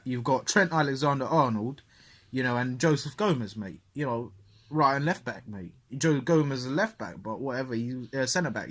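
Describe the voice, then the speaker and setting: A man's voice: mid-range voice, fairly bright tone. A man co-hosting a casual football podcast, swearing freely and saying "mate" at every turn. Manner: laddish, swears a lot, says "mate" constantly. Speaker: podcast co-host.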